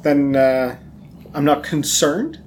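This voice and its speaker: A man playing a tabletop game, speaking slowly and deliberately with hesitations. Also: a little high, darkish tone, a little hiss or hum. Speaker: player.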